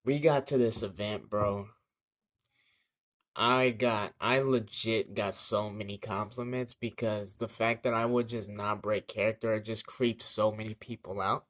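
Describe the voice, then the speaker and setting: A man's voice: on the low side, fairly even intonation, measured pace, a bit bright. A young man telling a childhood story in a casual vlog, rambling and slangy, with lots of fillers and swearing.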